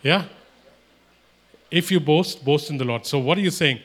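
Fairly high-voiced male preacher. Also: normal speed, pauses often, a bit bright. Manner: emphatic, repetitive, voices imagined exchanges. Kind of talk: sermon.

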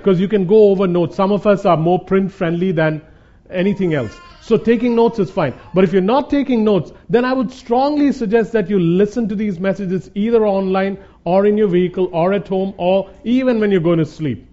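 A man with a high, mellow voice gives a conversational sermon as a Bible teacher. He is earnest, circles back to hammer home each point, and keeps calling his listeners "guys". The recording sounds dull and lo-fi. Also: moderate pace. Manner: earnest, repeats points for emphasis, calls the audience "guys".

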